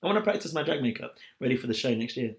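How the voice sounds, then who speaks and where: A man's voice: mid-range voice, animated, racing. A man chatting animatedly as a podcast co-host, laughing often. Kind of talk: casual chat.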